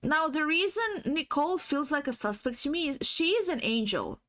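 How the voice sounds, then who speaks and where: A woman's voice: sits high, lively intonation, moderate pace, fairly bright tone. A woman streamer talking in a rambling, giggly way, swearing freely and filling her talk with fillers and restarts on a livestream with faulty audio. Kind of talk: casual livestream chat.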